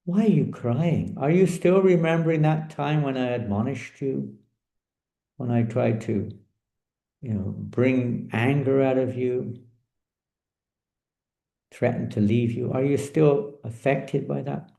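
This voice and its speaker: A man voicing a tender divine lord who gently questions his queen, as part of a told story. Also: on the low side, very animated, normal speed, few pauses, reverberant.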